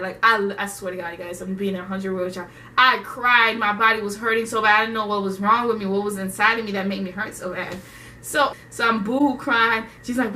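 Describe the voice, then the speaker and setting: Bright, animated young woman vlogger. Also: on the high side, distant mic, slight background noise. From Haiti. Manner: animated, slangy, laughs through her story. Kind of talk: casual storytelling to camera.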